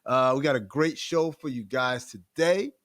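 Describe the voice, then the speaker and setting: A man hosting a casual podcast, talking loudly and animatedly with plenty of profanity. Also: medium pitch, normal speed, no room sound. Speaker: podcast host.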